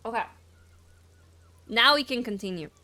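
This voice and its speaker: A woman's voice: a little high, animated, moderate pace, bright, forceful tone, no echo. A woman streaming a video game, chatting casually, giggling often and swearing freely.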